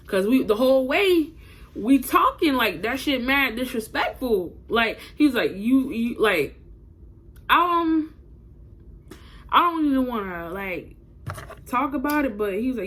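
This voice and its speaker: A woman's voice: on the high side, lively intonation, moderate pace, a bit bright. A young woman telling a personal story to her viewers in a casual vlog, blunt and profane, talking straight to camera.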